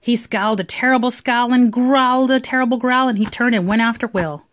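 A woman reading a picture book aloud to a young child at home, with expressive storytelling. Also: on the high side, fairly quick. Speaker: reader.

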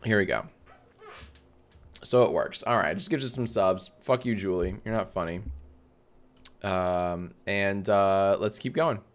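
A man's voice: low voice, unhurried, pauses often. A man hosting a casual live stream, reading viewer comments aloud, swearing freely and often breaking into laughter. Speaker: livestream host.

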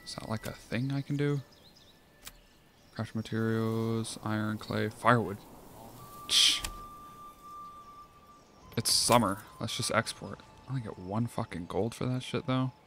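A man giving casual let's-play commentary, thinking aloud, swearing often and getting excited. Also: fairly low pitch, moderate pace, gravelly. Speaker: gameplay streamer. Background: game music.

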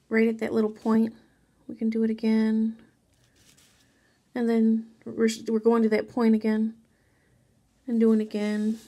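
A woman casually talking viewers through a drawing tutorial, chatty and softly spoken, with rambling asides. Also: a little high. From Mexican background.

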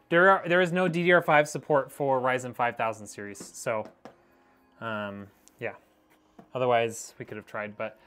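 A man's voice: mid-range voice, a bit bright. A man rambling casually to his viewers while building a PC, a little out of breath, talking on a wireless mic. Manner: rambling, chatty, talks to viewers as y'all. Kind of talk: casual live-stream chat. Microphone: wireless clip-on mic.

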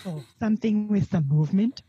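A woman's voice: medium pitch, brisk, dark tone, highs cut off, close to an everyday voice. A woman comedian playing a scatterbrained, gushing older superfan, stammering over a video call. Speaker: comedian interviewer.

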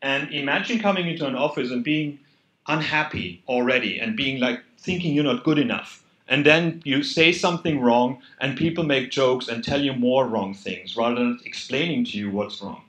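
A man's voice: mid-range voice, moderate pace, fairly bright tone. A man with a German accent delivers an earnest, conversational talk to an audience, pressing on points with sudden emphasis. His voice sits in a middle register. The room is echoey, like a hall at an event. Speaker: conference speaker. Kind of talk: conference talk.

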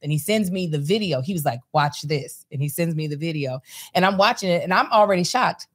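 Female co-host, lively expressive pitch, quick to laugh, voices the people she quotes. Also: slightly rough. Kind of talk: casual chat.

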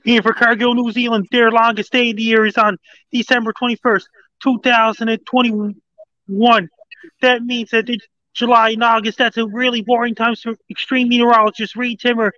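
Very high-voiced man, monotone, muffled. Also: no room sound. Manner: halting, repetitive listing of places. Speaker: weather reporter guest. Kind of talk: casual call-in weather report.

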